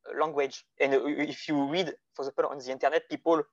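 French man with halting, dry lo-fi speech. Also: a little high, little pitch movement, no echo. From France. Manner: halting, searching for words in a second language. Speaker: podcast guest. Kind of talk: casual philosophical discussion. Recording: dull lo-fi audio.

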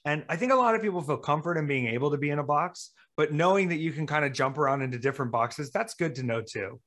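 Southern man, wrestler guest, storyteller who voices his quotes, a bit high. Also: fast, fairly bright tone. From American South. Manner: chatty storyteller, acts out quotes. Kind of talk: casual chat.

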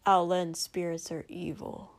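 A woman voicing a drunk young prince who mutters in a low, slurred voice. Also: little pitch movement, measured pace, no room sound. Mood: muttering. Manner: low muttering, some lines whispered. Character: young drunk male prince, quiet and stubborn.

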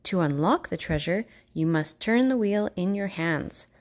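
A woman's voice: fairly low pitch, expressive, unhurried, a little mellow. A woman voicing an enchanted talking pirate ship in a storybook reading, polite and explaining.

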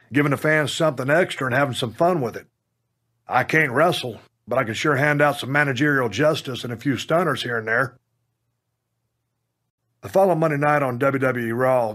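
A man from Texas reads his own memoir aloud in a gruff, plainspoken manner, with the odd curse word mixed in. His voice sits in an ordinary middle range, and he tells the story straight, as in an audiobook. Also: medium pitch. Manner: punches up quoted lines with loud bursts. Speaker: memoir narrator.

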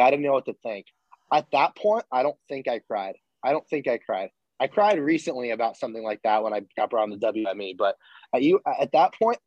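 A young man, a former college football walk-on, telling a story as a podcast guest in a loose, animated way, swearing freely and restarting sentences. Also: mid-range voice, no room sound, muffled recording. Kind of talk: casual interview storytelling.

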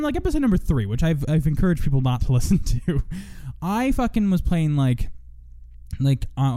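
A young man talks through a solo podcast monologue, swearing freely and rambling as he cuts himself off and restarts. His voice is fairly high for a man and swings widely in pitch. The tone is dark and mellow. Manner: profane, rambling, self-interrupting. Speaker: podcast host.

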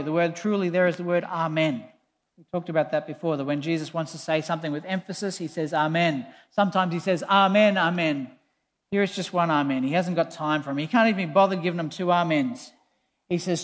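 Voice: mid-range voice, a little fast. A preacher giving a conversational, emphatic sermon, often sounding exasperated. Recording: long hall reverb.

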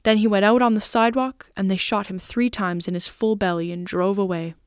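A woman narrating a classic novel aloud in an even, clear storytelling manner. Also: medium pitch, brisk, dry recording, clean studio sound. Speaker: podcast reader. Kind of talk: scripted narration.

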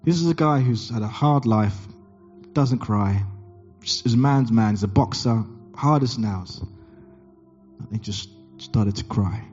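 A male pastor preaching in a lively, storytelling way, acting out each line of dialogue with sudden leaps in pitch. The recording is a bit muffled, with faint music underneath. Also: unhurried. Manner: animated, acts out dialogue with big pitch jumps. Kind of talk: sermon with storytelling.

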